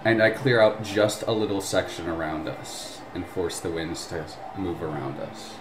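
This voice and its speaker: Deep man, theatrical and haughty in character, echoey room, music behind. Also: steady tone, moderate pace, background noise. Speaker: player. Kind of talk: in-character role-play.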